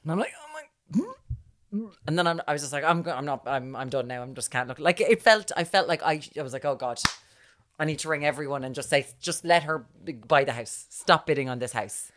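Irish woman, really low voice, tells stories and acts out what people said. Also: fairly quick. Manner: animated storyteller who acts out quotes, often dropping to a hushed voice. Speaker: podcast co-host. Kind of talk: casual chat, storytelling.

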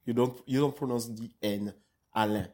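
A man's voice: mid-range voice, moderate pace. A man with a French accent and native French, a podcast guest who laughs often and restarts while searching for English words. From Caribbean island. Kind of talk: casual conversation in a second language.

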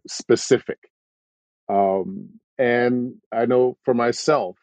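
A man speaking as a voice actor on a video-call panel, measured and thoughtful, pausing often. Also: medium pitch, dry recording, muffled recording. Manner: measured, thoughtful, with frequent pauses.

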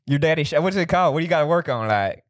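A man's voice: on the high side, expressive, racing, no echo, clean studio sound. A young man hosting a podcast, chatting and joking with friends, laughing often. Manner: laughs often, banters, slips into joke drawl. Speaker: podcast host. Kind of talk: joking casual chat.

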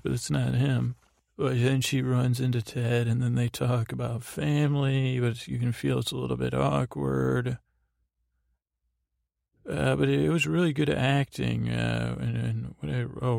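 Male podcast host, gravelly and monotone, dry close sound, meandering recap delivery. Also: mid-range voice, dry recording. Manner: meandering, full of restarts and quoted lines in his own voice. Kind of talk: rambling sleepy episode recap.

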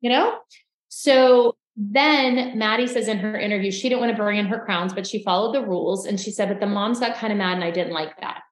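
A woman co-hosting a casual recap podcast, telling stories in a lively way and acting out what others said. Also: medium pitch, fairly quick, roomy sound, rough recording. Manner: animated storytelling, acting out quotes. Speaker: podcast co-host.

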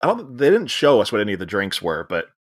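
A man's voice: lowish voice, wildly swooping pitch, fast, slightly rough. A man co-hosting a podcast, retelling a film's plot in casual chat, acting out the characters' lines and laughing often. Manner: storytelling, acts out quoted lines, laughs often. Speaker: podcast co-host. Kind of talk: casual chat recapping a film.

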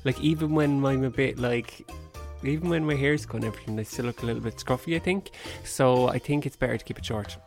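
A man's voice: mid-range voice, quick pace, gravelly, a little mellow, soft background music. A man co-hosting a casual chat, joking and rambling with plenty of swearing. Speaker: podcast co-host.

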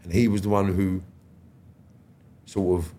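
This middle-aged guest on a podcast has a low voice and takes his time while telling casual stories. He gets animated, voicing conversations with slang and curse words. A little hiss or hum sits under the recording.

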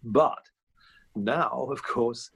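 A man's voice: mid-range voice, very slow, gravelly, a bit bright, husky. A man in his fifties, a comedian talking as an interview guest, chatty and anecdotal, with frequent fillers and restarts. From England. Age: 50s. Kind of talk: reflective interview talk.

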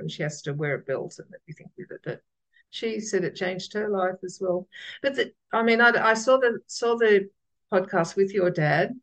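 A woman with a gravelly voice, chatting casually as a podcast guest and often restarting her sentences. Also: medium pitch, low-quality recording. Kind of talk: casual interview chat.

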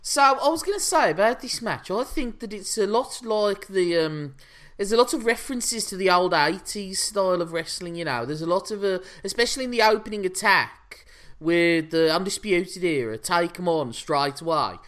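A man's voice: high-pitched, animated, moderate pace, a bit bright. A man, co-hosting a podcast in a chatty, jokey way. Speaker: podcast co-host. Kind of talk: casual chat.

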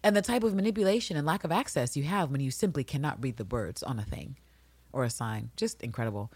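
A woman co-hosting a casual recap podcast, talking in a loud, profane, animated way and slipping into character voices. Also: a bass voice, fast, breathy edge, no echo. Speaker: podcast co-host.

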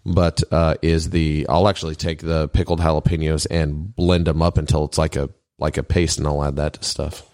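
A man in casual chat, telling a story at length and growing animated as he quotes himself and his wife. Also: very deep voice, moderate pace, few pauses, dry recording, studio quality. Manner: storytelling, animated when quoting.

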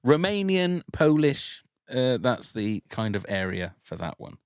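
Man, podcast quiz host, animated pitch, dry close sound, spells words out, laughs a lot. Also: a little slow, no room sound. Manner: laughs often, reads out words and spells them.

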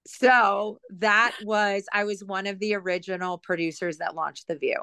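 A woman's voice: mid-range voice, fairly even intonation, unhurried, sharp tone, clean tone, dry recording. A middle-aged woman, a former TV producer, telling rambling, self-mocking stories as a guest in a casual interview. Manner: chatty, rambling, self-mocking, lots of asides and fillers. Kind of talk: casual storytelling in a podcast interview.

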